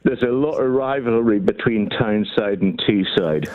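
Older Geordie man on a phone line. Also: on the low side. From Newcastle upon Tyne, England. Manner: halting, repeats words. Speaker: caller. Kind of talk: radio call-in chat.

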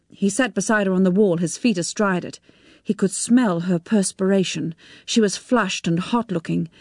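A woman with a mid-range voice tells a story in a measured, expressive way. The recording is dry and cleanly studio-made.

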